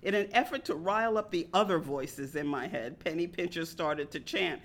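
A woman's voice: lowish voice, normal speed, hardly any pauses. Wry woman telling a personal story.

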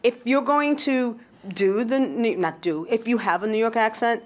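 A woman's voice: a little high, moderate pace. A woman hosting an interview, chatty and eager as she asks her guest questions. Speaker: interview host. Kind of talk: casual interview chat.

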